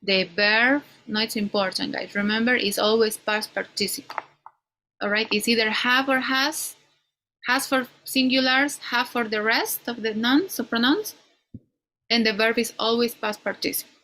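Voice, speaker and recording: A woman teaching an English grammar class, explaining slowly and ending many points with "no?". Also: fairly high pitch, sharp tone, low-quality recording. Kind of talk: online class lecture.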